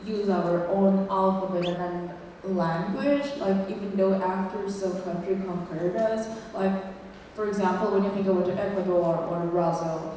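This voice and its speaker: A woman's voice: medium pitch, fairly even intonation, moderate pace, dark tone. A woman student from Korea with a Korean accent, speaking earnestly in a class discussion and leaning on fillers. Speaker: university student. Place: university lecture hall. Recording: echoey hall from far off, faint noise.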